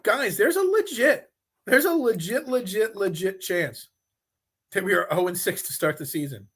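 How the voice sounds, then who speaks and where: A male sports talk host who argues his points, stacking restarts and repeated phrases. His voice sits high and sounds bright and forceful. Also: normal speed, husky. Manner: animated, repeats himself when making a point.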